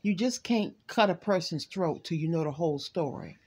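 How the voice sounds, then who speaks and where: A woman's voice: on the low side, lively intonation, normal speed, darkish tone, slightly rough. A woman giving a candid, chatty tarot reading at home, often stopping to talk to her pet and laughing. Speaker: tarot card reader. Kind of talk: casual tarot reading livestream.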